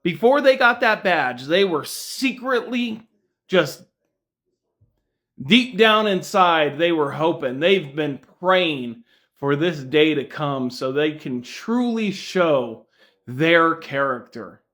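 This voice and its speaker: Slow, earnest male commentator. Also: a little high, expressive, fairly bright tone. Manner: earnest, emphatic, addresses viewers. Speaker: social media commentator.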